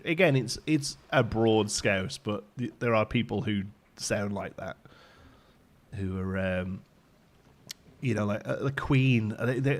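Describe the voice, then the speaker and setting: A man chatting casually with his audience while streaming a game, laughing often as he talks. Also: lowish voice. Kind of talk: casual live-stream chat. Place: home in Ontario, Canada.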